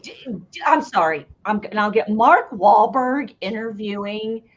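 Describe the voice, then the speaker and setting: A woman from Tennessee, co-hosting a podcast in casual chat, talking bluntly and excitedly and tripping over her words. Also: mid-range voice, unhurried. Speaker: podcast co-host. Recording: muffled lo-fi audio.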